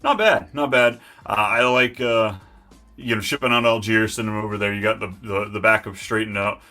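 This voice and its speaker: A man hosting a live fantasy football stream, talking in an excitable, hyped and rambling way. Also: fairly low pitch, fairly quick, faint music behind. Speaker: host.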